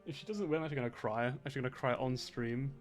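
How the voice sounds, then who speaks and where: A man streaming a game, talking casually and cursing often in loud, exasperated outbursts. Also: medium pitch, rapid-fire. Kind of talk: casual live-stream commentary. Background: game music.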